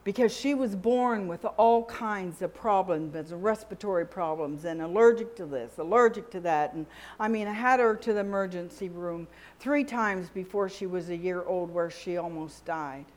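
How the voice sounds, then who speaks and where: At a normal pace and a fairly low pitch, a middle-aged woman preaches, recounting stories and acting out conversations with God and the people around her.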